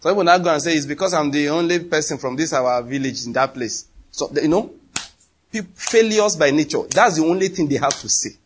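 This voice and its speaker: A man with a Nigerian accent preaching a sermon, emphatic and animated, often acting out what people say. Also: on the high side, fairly quick, slight background noise. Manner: animated, emphatic, slips into acted quotes.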